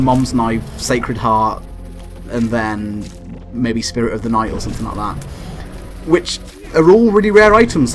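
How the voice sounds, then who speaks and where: A young man giving let's play commentary, excitable, swearing and yelping at the game when frustrated. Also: medium pitch. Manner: swears and laughs often. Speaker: gameplay commentator.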